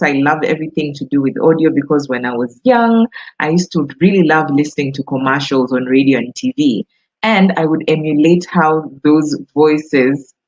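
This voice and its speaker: A woman in her thirties with a Kenyan accent, a voice-over artist talking casually to camera in a warm, authoritative, confident way, with frequent ums. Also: deep voice, slightly rough, rough recording.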